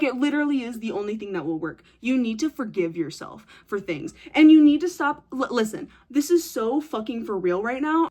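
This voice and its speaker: Blunt, swearing young woman vlogger. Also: a little high. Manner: blunt, profane, teasing; animated, dramatic retelling. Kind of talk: casual advice chat to camera.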